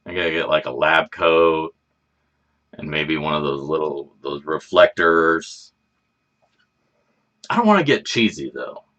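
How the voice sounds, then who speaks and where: A man's voice: very deep voice, animated, unhurried, long pauses, fairly bright tone. A man hosting a casual livestream, chatting in a rambling, laid-back way and swearing freely. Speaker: livestream host.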